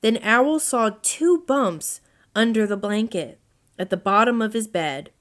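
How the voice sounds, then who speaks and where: A woman reading a children's storybook aloud as narrator, in a gentle read-aloud manner. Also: on the high side, measured pace.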